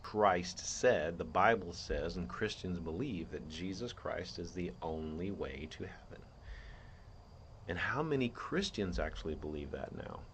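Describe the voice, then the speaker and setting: A man's voice: low-pitched, expressive, a little slow, slight background noise. A man hosting his own show, laying out a theory in an earnest, rambling monologue with many restarts. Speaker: podcast host.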